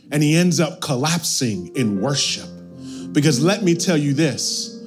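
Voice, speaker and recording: A man delivering a sermon at a slow, deliberate pace, his voice sitting a little high for a man. He swings between loud, animated bursts and hushed lines. Faint music plays underneath him. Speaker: pastor.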